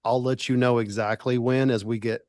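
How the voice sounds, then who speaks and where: A man co-hosting a podcast, chatting in a calm, agreeable way. His voice sits in a mid range and he keeps things low-key. The sound is dry and close, with little room around it. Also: moderate pace, no room sound. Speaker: podcast co-host, woodworker. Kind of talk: casual podcast chat.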